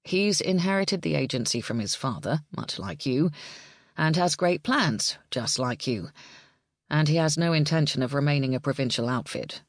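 A woman's voice: low-pitched, lively intonation, normal speed, no room sound, clean studio sound. A woman voicing a cheery young man. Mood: teasing.

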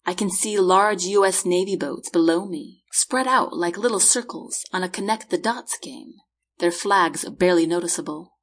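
A woman reading her own novel aloud as a measured first-person audiobook narration. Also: lowish voice. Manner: measured storytelling read.

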